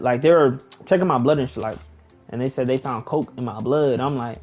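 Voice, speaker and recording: Young guy gaming n telling a story, mid voice, slangy, gets loud and high when hyped, faint music in back. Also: steady tone, fairly quick. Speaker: gaming vlogger. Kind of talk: casual storytelling while gaming.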